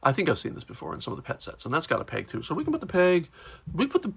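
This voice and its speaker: A man's voice: fairly high pitch, huge pitch swings, racing, gravelly, fairly bright tone, breathy edge. A man giving chatty, rambling commentary while unboxing toys, often correcting himself mid-sentence. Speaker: toy reviewer.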